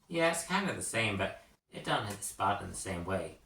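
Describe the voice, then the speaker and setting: A man's voice: fairly low pitch, sing-song, normal speed, vocal fry, pushed and bright, exaggerated voice. A man doing a chatty American schoolgirl. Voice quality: twanging. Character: young American girl, chatty and casual. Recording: roomy echo, mic at a distance.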